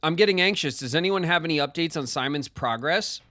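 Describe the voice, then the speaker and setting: A man's voice: on the high side, fairly quick, bright, forceful tone. An American man chatting casually on a live game stream, rambling with plenty of filler words. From United States. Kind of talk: casual live-stream chat while gaming.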